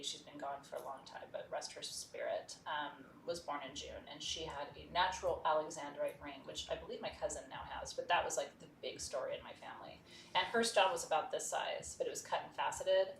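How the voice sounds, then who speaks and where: A woman's voice: deep voice, a little fast, creaky, fairly bright tone, slight background noise. A woman hosting a live gemstone sales show, talkative and enthusiastic, chatting freely as she sells. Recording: roomy studio sound from a distance.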